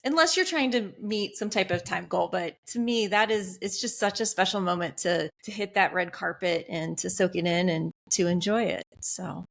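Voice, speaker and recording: A woman's voice: fairly low pitch, moderate pace, gravelly, hardly any pauses, a bit bright. A woman guest on a podcast, sharing her race experience in an upbeat, earnest way. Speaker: podcast guest, Ironman athlete. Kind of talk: casual podcast chat.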